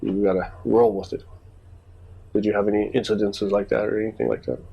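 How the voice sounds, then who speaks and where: A man's voice: on the low side, brisk, creaky, husky, dull audio. A man chatting casually on a podcast, telling stories and acting out the people in them. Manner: animated storyteller acting out quoted exchanges. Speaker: podcast co-host. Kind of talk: casual storytelling chat.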